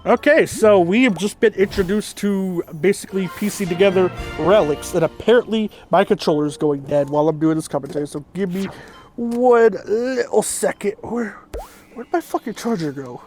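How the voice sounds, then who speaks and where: A man's voice: high-pitched, moderate pace, a little mellow, soft background music. A man giving casual let's play commentary, rambling and laid-back, with frequent fillers and swearing. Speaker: gaming video host.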